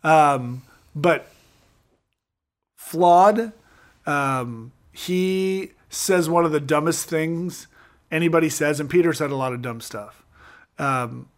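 A man hosting a casual Bible discussion, telling the stories with animated enthusiasm and quick asides. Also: fairly high pitch. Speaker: podcast host.

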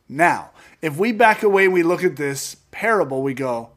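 A man with a somewhat high voice co-hosts a relaxed Bible discussion. He reads scripture aloud and then riffs on it with animated, jokey asides. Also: moderate pace, few pauses. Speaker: podcast co-host reading scripture.

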